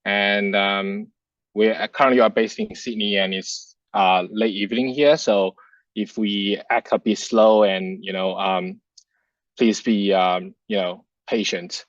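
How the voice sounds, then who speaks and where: A man's voice: on the low side, fairly even intonation, a little slow, no room sound, lo-fi sound. A young man, a doctoral student, opening an online research presentation in a hesitant way with many fillers. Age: young adult. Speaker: guest speaker, PhD student. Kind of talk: presentation introduction. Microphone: video call.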